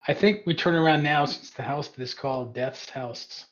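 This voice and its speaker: Male player, relaxed and hesitant, dull lo-fi mic sound. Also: a little high, fairly quick. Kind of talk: casual tabletop game chat.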